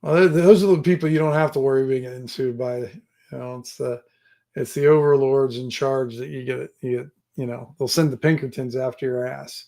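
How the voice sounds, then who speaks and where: Gravelly-voiced man rambling on a stream. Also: mid-range voice, fairly even intonation, fairly quick, warm tone. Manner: rambling, thinks aloud, jokes with chat. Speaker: livestream host writing a tabletop adventure. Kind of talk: casual live-stream chat. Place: home room with gear and books behind him.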